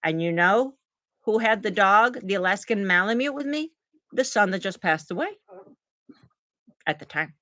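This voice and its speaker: A middle-aged woman vlogging, telling a personal story in an emotional, animated way to camera. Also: medium pitch, moderate pace, pauses often, no room sound. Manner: emotional, animated, talks to her dogs mid-story.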